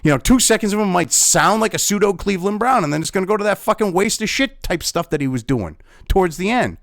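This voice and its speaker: A man's voice: sits high, animated, quick pace, vocal fry, dry recording, studio quality. A man ranting angrily in a profane commentary video, talking as host.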